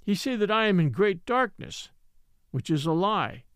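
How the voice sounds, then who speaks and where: A man voicing a patient old native man who tells his story slowly and solemnly in formal, old-fashioned speech. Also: high-pitched, very animated, a bit bright, clear, resonant tone, dry recording, studio quality, voice pushed up.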